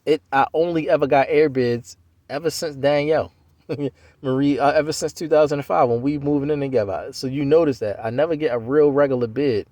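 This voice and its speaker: A man in his forties tells his own story in a loose, wandering way, circling back with "you know" and half-finished starts. His voice sits at an ordinary middle pitch, recorded close and dry with no room around it. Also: a little fast, darkish tone, no room sound. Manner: loose, conversational, full of "you know" and restarts. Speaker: Navy veteran telling his life story. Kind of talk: rambling personal storytelling.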